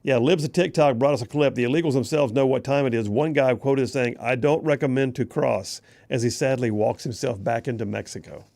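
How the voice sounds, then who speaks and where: A man's voice: medium pitch, fast talker, gravelly, hardly any pauses, darkish tone. Emphatic folksy radio host man. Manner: emphatic, folksy, repeats phrases for punch. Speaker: radio talk show host. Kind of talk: talk radio monologue.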